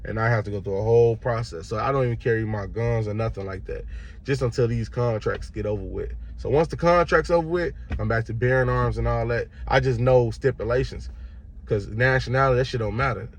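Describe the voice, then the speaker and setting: There's slight background noise as a young vlogger from Chicago, Illinois, tells his audience a story at a fairly quick clip. His pitch is medium, and he acts out the characters with animation.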